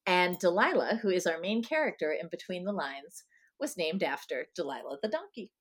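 Lively, self-deprecating woman guest. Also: on the low side, moderate pace, husky. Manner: self-deprecating, laughs easily. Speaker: guest author. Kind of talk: casual interview chat.

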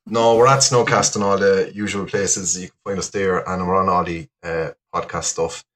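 An Irish man chats as a guest on a podcast, his voice sitting low. He rambles and swears a little, making fun of himself. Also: flat delivery, normal speed, a bit bright. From Ireland. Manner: rambling, self-deprecating, sweary. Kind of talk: casual chat.

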